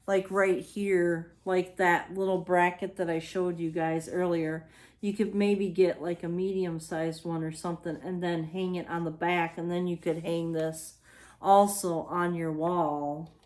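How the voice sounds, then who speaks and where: Chatty woman with a lowish voice. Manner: chatty, rambling, with frequent apologetic asides. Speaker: home decor haul vlogger. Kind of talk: casual show-and-tell chat.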